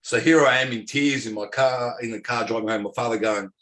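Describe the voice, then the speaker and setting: At medium pitch and a slightly quick pace, this Australian ex-footballer in his forties recounts a lively story mid-conversation. He voices the dialogue of the other people involved and laughs a lot along the way.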